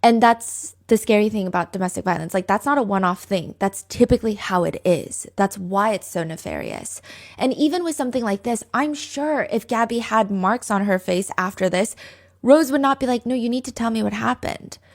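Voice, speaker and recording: A woman hosting a true crime podcast, retelling a case in a chatty, casual way full of "like" fillers and quick asides. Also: medium pitch, sing-song. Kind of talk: casual storytelling chat.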